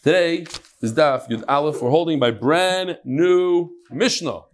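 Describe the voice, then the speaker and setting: A man's voice: a little high, unhurried. A man giving a casual daily Talmud class, chatty, with frequent Yiddish and Hebrew terms. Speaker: Talmud teacher.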